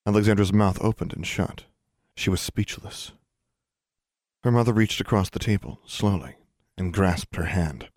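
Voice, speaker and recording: A man reads a novel aloud in a measured, even storytelling way, his voice sitting deep in the low range. The sound is dry and close, with no room echo at all. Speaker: narrator. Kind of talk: audiobook narration.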